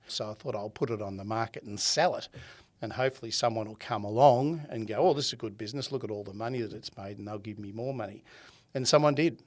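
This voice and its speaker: A man in his seventies with an Australian accent, a podcast guest who tells his story with energy, acting out quoted dialogue and often laughing. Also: on the low side. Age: 70s. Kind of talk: conversational storytelling.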